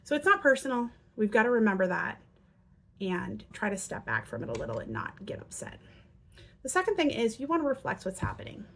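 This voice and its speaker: A woman's voice: a little high, a little fast, a little hiss or hum. A woman talking earnestly to parents, giving advice on handling children's behavior and acting out example lines. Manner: earnest, acts out quotes in lively voices. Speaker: parenting educator. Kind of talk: instructional talk to parents.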